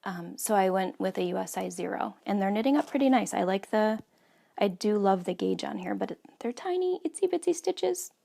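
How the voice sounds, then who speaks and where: A American woman in her thirties hosts a laid-back knitting podcast from her home, talking briskly at a medium pitch with some vocal fry. She's chatty, drops lots of ums, and tosses in soft asides as she chats casually.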